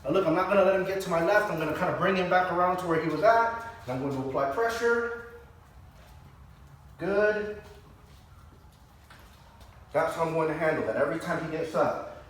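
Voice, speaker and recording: Male trainer: calm talk-through with high excited praise, picked up from afar with heavy echo. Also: a little hiss or hum. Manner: calm explaining, with bursts of high-pitched praise. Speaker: dog trainer. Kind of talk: live training demonstration. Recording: echoey, distant camera mic.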